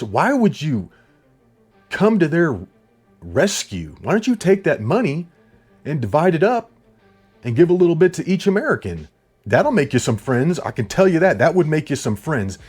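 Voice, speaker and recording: A man delivers a ranting political commentary, loud and heated, close to yelling the whole time. He talks bluntly with swearing and hammers his points over and over. A little music plays faintly behind him, and his pitch sits in an ordinary middle range. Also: breathy edge. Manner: repetitive, blunt, profane.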